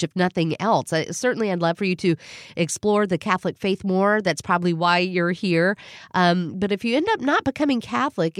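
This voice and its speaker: A middle-aged woman hosting a radio show, breathy and congested from a cold, chatting in a friendly, self-deprecating way and laughing often. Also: fairly low pitch, dry recording, studio quality. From Southern United States. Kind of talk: casual podcast monologue.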